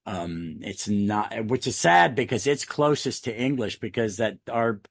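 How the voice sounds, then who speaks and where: A man's voice: fairly low pitch, lively intonation, unhurried, gravelly, no room sound, studio quality. An American man chatting casually on a podcast, rambling through anecdotes and tangents. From United States. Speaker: podcast co-host.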